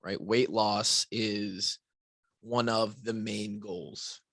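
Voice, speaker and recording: A man's voice: fairly low pitch, fairly even intonation, extremely slow, gravelly, fairly bright tone, no room sound. A man hosting a fitness podcast alone, talking casually with restarts, asides and frequent "right?", a bit tired. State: tired, yawning. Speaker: podcast host and fitness coach. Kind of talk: casual solo podcast talk.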